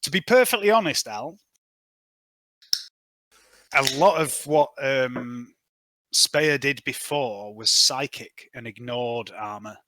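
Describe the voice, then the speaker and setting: A man's voice: medium pitch, animated, slow pace, pauses often, sharp tone. A man running a tabletop role-playing game as game master, thinking aloud and hesitating with fillers as he checks rules and gear.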